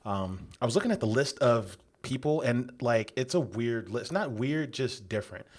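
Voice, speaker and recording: A man's voice: mid-range voice, lively intonation, moderate pace. A man co-hosting a casual beer podcast, rambling and upbeat, talking in loose restarts. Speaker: podcast co-host. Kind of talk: casual chat.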